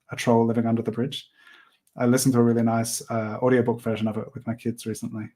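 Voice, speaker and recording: A man's voice: medium pitch, darkish tone. Rambling, easygoing male livestream artist. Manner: rambling, hesitant, laughs often. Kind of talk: casual chat while sketching.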